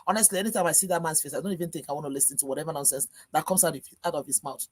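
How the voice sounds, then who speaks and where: Low-pitched, darkish, and slightly rough, her rapid-fire speech carries a Nigerian English accent. As a panelist on a video-call live stream, she rants in frustration and anger, asking rhetorical question after rhetorical question.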